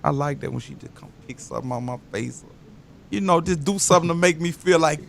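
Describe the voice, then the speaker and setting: A man talking casually as a guest, telling loose, animated stories full of slang. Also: a little high, fast talker, vocal fry, a little hiss or hum. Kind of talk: casual interview talk.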